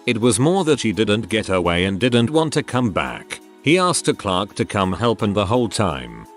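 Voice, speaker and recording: A man giving scripted narration of online stories, with a wry, expressive storytelling manner. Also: on the low side.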